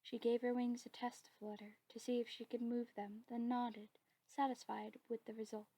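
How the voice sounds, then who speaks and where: Woman, narrator, whispered role-play, breathy voice, flat even delivery, soft steady storytelling. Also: a little high, moderate pace, dry recording, low-quality recording.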